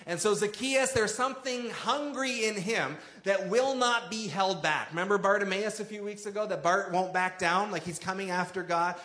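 High-voiced preacher in an echoey room. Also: male voice, moderate pace, few pauses, pushed and bright. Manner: conversational preaching, dramatic quoted asides. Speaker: pastor. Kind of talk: sermon.

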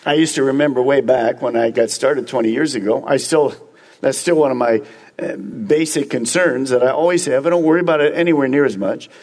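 A man's voice: mid-range voice, a little fast, darkish tone. A man preaching a sermon as pastor, emphatic and speaking straight to the congregation with repeated phrases.

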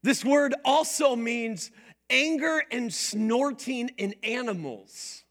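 A man preaching a sermon in an animated, playful way, drawing his congregation into call-and-response. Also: extremely high pitch, slow pace. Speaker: pastor.

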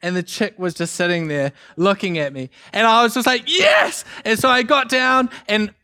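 A young man from New preaching a sermon, telling a story with jokes in an animated way. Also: high-pitched, normal speed. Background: band playing softly.

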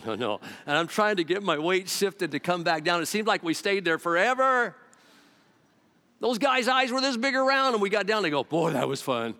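Brief: male pastor, somewhat high voice, lively storyteller, big echoing hall. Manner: animated storytelling, acting out quotes in varied voices. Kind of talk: sermon. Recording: long hall reverb.

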